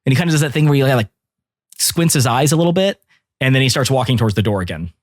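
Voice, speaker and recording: A man's voice: medium pitch, expressive, no echo, studio quality. Casual man running a tabletop game. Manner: casual, laughing, quick narration with brief character voices. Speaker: game master.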